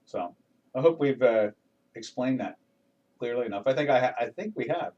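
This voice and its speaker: A man's voice: mid-range voice, animated, moderate pace, mellow, recorded from a distance, muffled recording. An older man hosting a live trading webinar, talking through charts in a folksy, rambling way with many restarts and fillers. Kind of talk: casual live market commentary.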